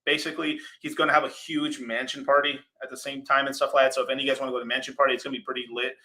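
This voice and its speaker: A man's voice: mid-range voice, flat delivery, rapid-fire, bright, forceful tone. A young man hosting a casual crypto livestream, rambling loosely, swearing freely and reading out viewer super chats.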